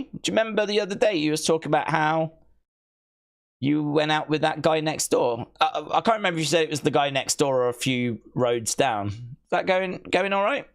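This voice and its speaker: A man chats casually as he hosts a live stream, reading out viewer messages. He has a somewhat high voice and teases his audience playfully, breaking into squeaky mock-outraged exclamations. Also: lively intonation, normal speed. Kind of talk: casual watch-along chat.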